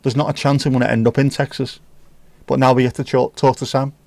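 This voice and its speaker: A man's voice: mid-range voice, little pitch movement, fast, vocal fry, darkish tone, no room sound. A man hosting a livestream, chatting casually and teasing as he reads out viewer comments with sweary banter. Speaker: livestream host.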